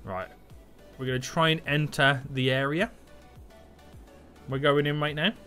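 A man giving playful, excitable live gameplay commentary and chatting with his viewers. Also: a little high, measured pace, faint music behind. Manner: excitable and playful, hums and exclaims. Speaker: gaming streamer.

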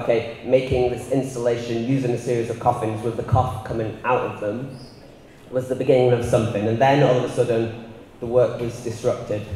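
A man's voice: medium pitch, mellow, a little hiss or hum. Northern English man lecturing in a hall. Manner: measured and reflective, with filler ums. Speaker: artist giving a lecture. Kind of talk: lecture, partly read from a prepared text. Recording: roomy hall with long reverb.

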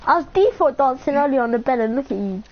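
A woman's voice: high-pitched, animated, fast, background noise. A young woman in casual, joking banter while playing a game. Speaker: player. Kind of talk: casual gaming chat. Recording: dull lo-fi mic.

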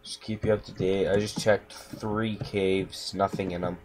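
A man's voice: sits low, level tone, measured pace, darkish tone. A man giving casual gameplay commentary at home, mumbling and talking to himself as he plays. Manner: mumbling, talks to himself while playing. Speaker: gameplay recorder. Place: home room. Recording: noisy home recording with keyboard clicks.

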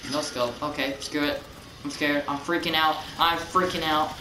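A man giving casual, excitable gameplay commentary, rambling and repeating his exclamations as he plays. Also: on the high side, moderate pace. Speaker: gaming channel host. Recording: roomy, distant mic, noisy.

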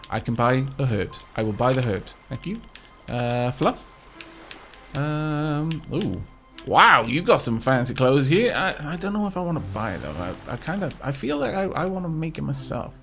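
A man with a somewhat high, slightly bright voice provides casual gameplay commentary. He hosts the let's play in a self-deprecating way, stammering whenever he starts a sentence over.

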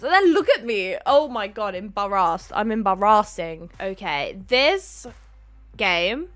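A young woman, chatting casually as she commentates her own gameplay, excitable and quick to shriek. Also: mid-range voice. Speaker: gaming YouTuber.

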